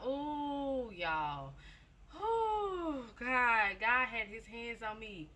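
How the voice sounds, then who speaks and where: A woman's voice: fairly high pitch, big pitch swings, extremely slow, sharp tone. A woman giving a casual personal testimony, chatty and repetitive, often speaking straight to her listeners. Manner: chatty storytelling, repeats phrases, addresses listeners directly.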